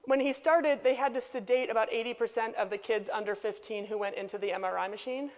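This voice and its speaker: A woman delivering a lively conference keynote speech in a conversational way, often acting out the people she quotes. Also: on the high side, fast. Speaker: keynote speaker. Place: conference hall. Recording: reverberant conference hall.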